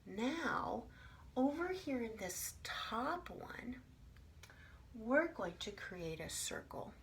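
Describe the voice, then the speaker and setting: A woman teaching an art lesson to preschoolers, patient and soft-spoken, often half-whispering. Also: on the high side, very animated, drawn-out words, gravelly, slight background noise. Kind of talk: slow, gentle instruction for preschoolers. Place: her room at home, fan running.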